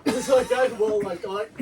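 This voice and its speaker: Young male co-host, high and bouncy voice, playful and jokey, audible background noise. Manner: playful, laughs a lot, jokey outbursts. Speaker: podcast co-host. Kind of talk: casual chat.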